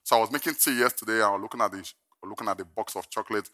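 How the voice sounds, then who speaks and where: A man's voice: fairly low pitch, very fast, sharp tone. An older man preaching a sermon, telling a humorous personal story and then preaching emphatically from scripture. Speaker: pastor.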